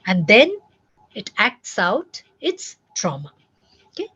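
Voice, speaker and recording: A woman talks parents through advice in an earnest, emphatic way, repeating her key words and turning to them directly. Her voice sits at an ordinary middle pitch. The recording sounds a little dull and lo-fi. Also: wildly swooping pitch, takes it slowly, sharp tone, husky. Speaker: parenting coach.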